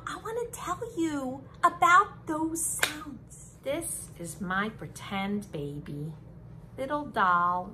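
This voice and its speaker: A young woman teaching young children, talking slowly and in a sing-song way, as if to a class of small kids. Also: on the high side, slight background noise. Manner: animated, sing-song, slow and drawn out for kids. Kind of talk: children's lesson.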